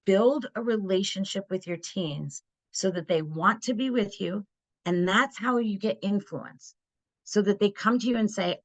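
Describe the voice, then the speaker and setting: A middle-aged woman presents a parenting webinar in an earnest, chatty way. She often checks in with her listeners by asking "right?" Her voice sits at a middle pitch. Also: measured pace.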